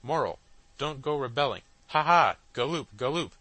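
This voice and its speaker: Man doing a trumpeting news machine, blaring, loud, bright forceful voice, audiobook. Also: mid-range voice, normal speed, no room sound, lightly acted, rough recording. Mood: gloating. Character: huge braying male propaganda machine.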